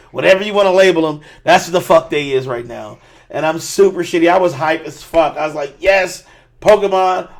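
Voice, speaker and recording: A man's voice: a little high, creaky. A man hosting a podcast, ranting with a lot of swearing in casual chat. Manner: profane, ranting. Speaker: podcast host.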